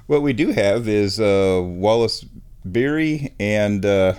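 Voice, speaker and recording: A man hosting a casual show at his microphone, playful, dropping into high baby talk for his cat. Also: animated, slow pace, a little mellow, clear, resonant tone. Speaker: radio host. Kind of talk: casual chat. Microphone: studio microphone.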